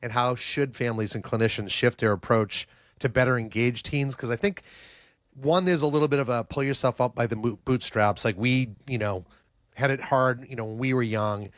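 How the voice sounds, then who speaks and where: A man's voice: mid-range voice, moderate pace, fairly bright tone, no room sound, clean studio sound. A man from Boston hosting a podcast interview, asking enthusiastic, long-winded questions. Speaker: podcast host.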